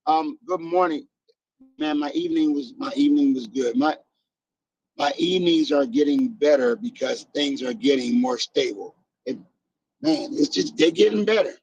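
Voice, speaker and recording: Male co-host, higher voice, dull lo-fi call audio, reflective folksy chat. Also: moderate pace, darkish tone, slightly rough. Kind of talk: casual morning show chat. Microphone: video call.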